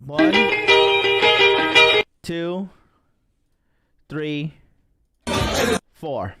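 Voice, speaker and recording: A man with a somewhat high voice hosts his own livestream as a dating coach. He rants in a loose, profane, boastful monologue, often restarting his sentences. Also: big pitch swings, drawn-out words, vocal fry, loud music behind the voice.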